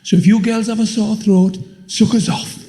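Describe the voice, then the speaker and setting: An older man performing a blunt, swearing stand-up comedy routine with deadpan punchlines. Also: high voice, normal speed, very noisy. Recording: live show in a long-reverb hall.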